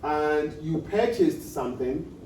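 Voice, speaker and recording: A man lectures on accounting in a class, his a little high voice animated, slow and slightly mellow. He repeats key points and checks students follow with questions, recorded on a distant mic in an echoey room with faint noise.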